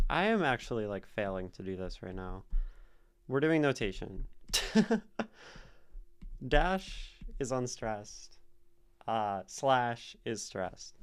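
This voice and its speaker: A man's voice: medium pitch, very animated, takes it slowly, pauses often, smooth. A man hosting a live stream, casually analyzing poetry and thinking aloud as he taps out rhythms in syllables. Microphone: streaming mic.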